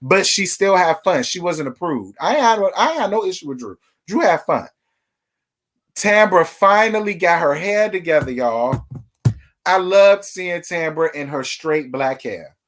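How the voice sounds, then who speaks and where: Man, livestream gossip host, sassy, chatty, slightly high voice. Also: lively intonation, a little slow, fairly bright tone. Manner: sassy, chatty, talks straight to viewers. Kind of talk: casual reality TV gossip livestream.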